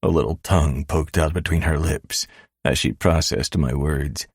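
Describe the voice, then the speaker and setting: Deep-voiced man narrating gently. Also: fairly even intonation, moderate pace, creaky, husky, no room sound, clean studio sound. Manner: gentle, reassuring fatherly tone. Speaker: audiobook narrator. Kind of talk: first-person romance narration.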